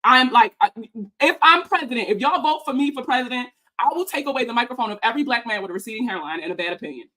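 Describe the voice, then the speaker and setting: A woman's voice: on the high side, animated, bright, forceful tone. A woman who makes personal finance videos, ranting in a heated, profane, sarcastic way as she reacts to a video about her. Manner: profane, heated, fast-talking; sarcastic and mocking. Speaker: personal finance content creator.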